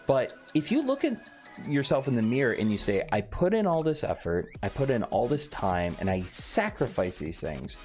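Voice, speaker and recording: A man's voice: mid-range voice, big pitch swings, normal speed, darkish tone. A man casually chatting on a late-night stream, reading chat aloud and swearing offhandedly. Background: faint background music.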